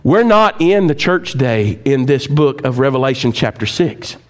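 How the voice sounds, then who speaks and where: A man preaching a sermon, speaking straight to his congregation with questions, swinging from loud, high emphatic stretches to low, quiet ones. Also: very animated, normal speed. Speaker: pastor.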